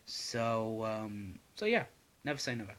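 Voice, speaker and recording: A man's voice: fairly low pitch, big pitch swings, measured pace, a bit bright. A young man answering viewer questions in a casual vlog, rambling and swearing with lots of "um"s. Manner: rambling, sweary, many fillers.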